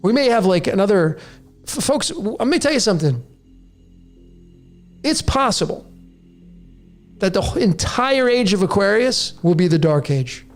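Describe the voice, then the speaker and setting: A man's voice: high-pitched, very animated, brisk, soft background music. A man in his late forties hosting a podcast, delivering a raw, preachy rant straight to his listeners. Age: 40s. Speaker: podcast host. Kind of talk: monologue to listeners.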